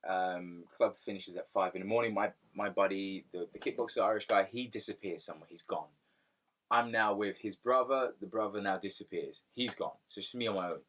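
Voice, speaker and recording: A male podcast co-host with a lowish, somewhat bright voice speaks a little fast. He tells stories in a casual, rambling chat and often repeats words.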